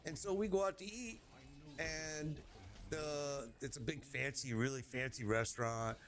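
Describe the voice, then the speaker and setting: A man telling a rambling, animated story in casual chat while gaming, swearing casually along the way. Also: a little high, a little slow.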